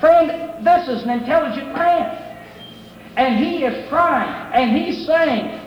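A middle-aged preacher with a strikingly high voice delivers an earnest, pleading sermon. His words ring through a large, echoing church with a long reverb tail, and a faint room hum sits underneath. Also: expressive, lo-fi sound. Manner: earnest, pleading, reads scripture aloud with pauses. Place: church sanctuary. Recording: echoey hall, faint room ambience.

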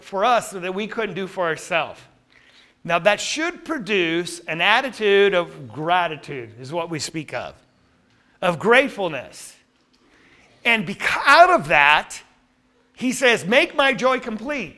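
A man's voice: sits high, sharp tone. A man teaching a Bible study class, reading scripture aloud and asking the group questions.

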